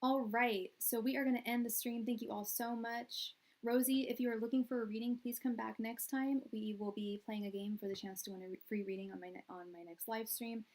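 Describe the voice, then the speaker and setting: A woman hosting a tarot live stream from a room at her parents' house, chatting in a soft, soothing voice with many fillers and restarts. Her audio comes through quiet and low. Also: fairly even intonation, brisk, hardly any pauses, poor audio. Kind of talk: casual live-stream chat. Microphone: quiet, low-level live-stream audio.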